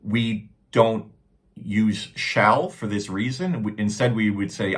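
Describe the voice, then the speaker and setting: A man's voice: lowish voice, slow pace. A man with an American accent teaching English grammar, patiently explaining and acting out example sentences. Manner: patient, repeats points, acts out example sentences.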